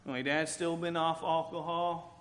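A man's voice: a little high, little pitch movement, a little slow, a bit bright. Earnest preacher man in an echoey church. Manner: earnest preaching mixed with candid personal storytelling. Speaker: pastor. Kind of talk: sermon. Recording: echoey room with faint ambience.

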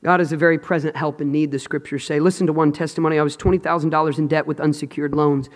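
A male preacher with a high, ringing voice delivers an impassioned sermon in a reverberant hall. He reads scripture in dramatic bursts. He swings from shouts down to hushed, almost whispered passages. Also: little pitch movement, quick pace.

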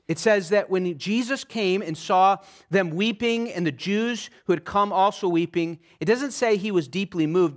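A man preaching a sermon, speaking earnestly and conversationally, slowing and dropping his voice to stress scripture. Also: a little high. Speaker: pastor.

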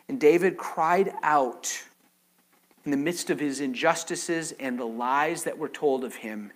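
Preacher moving between pleas and whispers. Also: male voice, a little high, measured pace. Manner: swings from loud pleading to hushed near-whispers. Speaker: pastor. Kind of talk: sermon. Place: church sanctuary.

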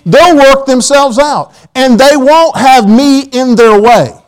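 Male preacher, high voice, folksy anecdotes, church sermon. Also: takes it slowly, clean tone, poor audio. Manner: folksy storytelling with quoted asides. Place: church auditorium.

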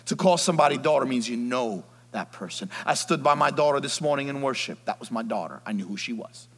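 A man preaching an Easter sermon as pastor, swinging from near whispers to loud shouts. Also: mid-range voice, animated, fast. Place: church sanctuary. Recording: long hall reverb.

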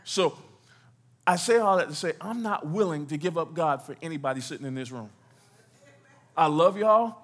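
A man's voice: fairly high pitch, lively intonation, normal speed, long pauses, a bit bright, slightly rough. A middle-aged man preaching a sermon as a pastor in a church, asking the congregation questions and waiting for their answers. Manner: call-and-response preaching, asks the congregation questions. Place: church sanctuary.

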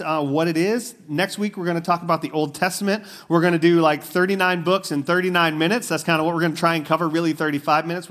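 A man's voice: high voice, a bit bright. A man preaching a sermon to a church audience in a casual, conversational way, with fillers and asides. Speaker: pastor.

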